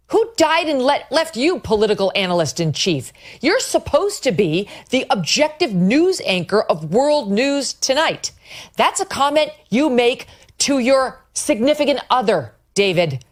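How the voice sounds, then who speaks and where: A middle-aged woman hosting a commentary show, delivering an indignant, sarcastic rant laced with swearing. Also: fairly high pitch. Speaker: podcast host.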